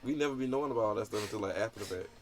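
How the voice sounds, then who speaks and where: A young man in a casual podcast chat, agreeable and quick to affirm others. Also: lowish voice, recorded from a distance, crowd noise. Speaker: podcast co-host.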